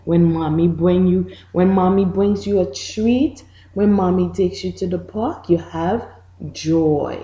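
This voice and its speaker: Haitian lady teacher reading to little kids, slow and patient, mellow voice, echoey room. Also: fairly low pitch, highs cut off. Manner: slow, patient, explains words twice in two languages. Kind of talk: bilingual picture-book lesson for young children.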